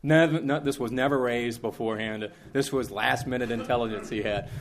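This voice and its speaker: Animated man telling a story. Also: mid-range voice, fairly quick. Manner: animated, conversational, with frequent restarts and acted-out quotes. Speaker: speaker recounting diplomatic experiences. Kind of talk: anecdotal storytelling to a live audience.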